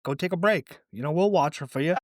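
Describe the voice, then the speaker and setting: A man's voice: a little high, fast talker, no room sound, clean studio sound. Easygoing man hosting a podcast. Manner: relaxed, lots of "you know", affirming "yeah". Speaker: podcast host. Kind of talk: casual podcast interview.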